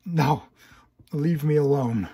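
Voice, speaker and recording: A man voicing a terrified, defiant young man in a nightmare, shouting loudly in a husky voice. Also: mid-range voice, fairly even intonation, normal speed.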